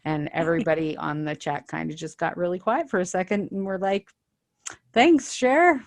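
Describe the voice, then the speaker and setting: A woman's voice: low-pitched, steady tone, fairly quick, no echo. A woman co-hosting a podcast in casual chat, blunt and joking, laughing often. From Canada. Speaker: podcast co-host.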